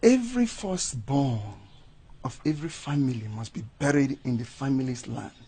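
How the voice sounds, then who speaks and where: An actor playing a measured uncle who speaks firmly of tradition. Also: male voice, medium pitch, animated, dark tone, husky. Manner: measured, soothing, firm. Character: older uncle, calm keeper of tradition. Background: background music.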